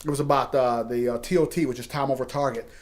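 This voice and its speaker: A middle-aged man, telling drawn-out anecdotes with lots of fillers and frequent laughter in a casual podcast chat. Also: medium pitch, fairly even intonation. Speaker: podcast co-host.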